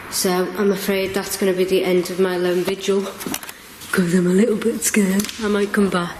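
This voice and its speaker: A young woman filming a lone night vigil as a paranormal investigator, talking in hushed, jumpy tones and swearing under her breath. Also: mid-range voice. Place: large empty disused bingo hall at night. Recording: echoey hall with loud background noise.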